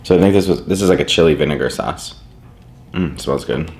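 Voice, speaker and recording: A man's voice: a bass voice, a little fast, a little mellow. A young man from the United States, chatting bubbly and casual in a food vlog, with lots of "um" and "like". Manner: bubbly, chatty, many fillers. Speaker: food vlogger.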